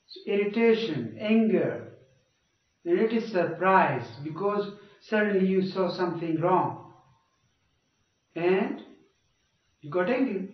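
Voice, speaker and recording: A man's voice: high-pitched, animated, measured pace, pauses often. A male teacher giving a grammar lecture, repeating points and checking with "okay?" and "you got it?". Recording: dull, echoey, far from mic.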